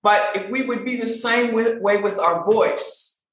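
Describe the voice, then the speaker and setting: A woman voice coach talking in a lively conversational way, with expressive, swooping emphasis. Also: on the high side, measured pace. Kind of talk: animated conversational talk. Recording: very echoey room.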